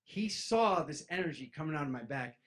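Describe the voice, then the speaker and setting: Animated man telling spiritual stories. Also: a little high, a little fast. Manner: animated, acts out voices in stories, addresses crowd as "you guys". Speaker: spiritual speaker. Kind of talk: casual storytelling talk to an audience.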